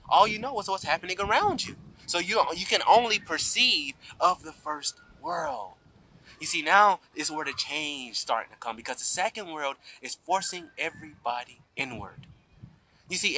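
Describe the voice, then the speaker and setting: A man's voice: on the high side, pushed and bright, a little hiss or hum, rough recording. A man giving an emphatic spiritual talk to a camera outdoors, often asking "you see?". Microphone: camera mic.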